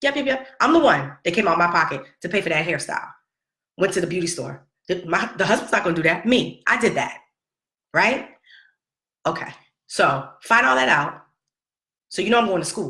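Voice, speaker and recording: A mother who vlogs speaks in a fairly low, slightly bright voice, the sound echoing around the room. Addressing viewers straight to the camera, this middle-aged woman vents about her son in a casual storytelling vlog. Her manner is emphatic, sassy and repetitive, saying things again for effect.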